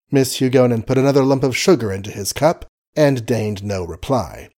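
Male audiobook narrator; measured, wry reading of period prose. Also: medium pitch, warm tone. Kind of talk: scripted narration.

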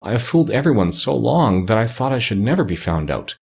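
A man's voice: medium pitch, very animated, gravelly, husky, heavily acted. Casting: man doing a timid, trembling old humbug wizard, storybook reading. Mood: meek. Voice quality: trembling and meek as the little man. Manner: slow and solemn as the unseen voice.

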